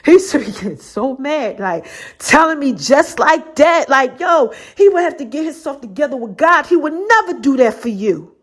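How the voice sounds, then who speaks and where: A woman's voice: high voice, sing-song, moderate pace. A woman podcast host telling a faith testimony in a casual, slangy way, acting out the voices of people she quotes and laughing often. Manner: laughs often while talking.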